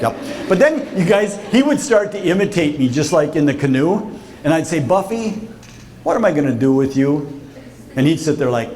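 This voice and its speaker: A man's voice: medium pitch, a little mellow, a little hiss or hum. Theatrical man telling stories to students. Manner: theatrical, addresses students directly. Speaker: visiting author speaking at a school. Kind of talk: storytelling talk to a school assembly. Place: school auditorium.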